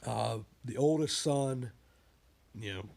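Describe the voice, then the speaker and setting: A man's voice: medium pitch, takes it slowly, gravelly, a little mellow. A man who writes books, talking casually about them in a rambling monologue full of digressions and asides.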